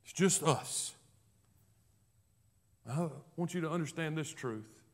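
A man preaching a sermon in a rather high voice. He is emphatic, rising to loud declarations and then dropping to hushed, low passages. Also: slow. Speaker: pastor.

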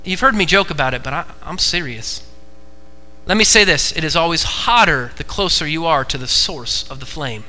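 High, bright-voiced preaching man. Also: lively intonation, moderate pace, rough recording. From United States. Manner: emphatic, repeats key phrases, swings from hushed to fervent. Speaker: pastor. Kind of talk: sermon. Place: church before a congregation.

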